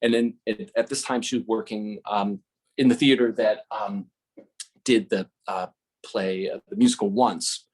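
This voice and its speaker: A man's voice: lowish voice, steady tone, measured pace, a little mellow, slightly rough. A middle-aged man telling a casual, rambling story with many fillers and self-corrections, host of a live talk stream.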